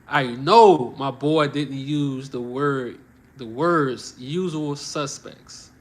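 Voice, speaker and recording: A man's voice: on the high side, a little slow, a bit bright. A man commenting on the news on a live stream, heated and preachy, who often repeats short phrases for emphasis.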